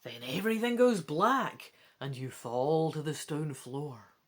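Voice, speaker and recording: A woman's voice: low-pitched, very animated, measured pace. A woman reading a choose-your-own-adventure book aloud, adding wry asides. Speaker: reader of a gamebook.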